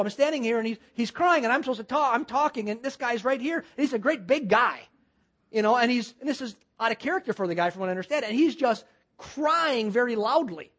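A minister telling a story in a sermon, earnest, halting and restarting often. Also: mid-range voice. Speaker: guest minister.

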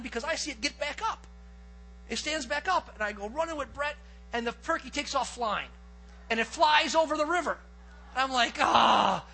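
A male pastor preaching, telling a personal story with lively energy and acting out the quoted lines. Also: very high-pitched, slight background noise, rough recording. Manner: lively storyteller, acts out quotes and gets excited. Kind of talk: sermon with a personal hunting story.

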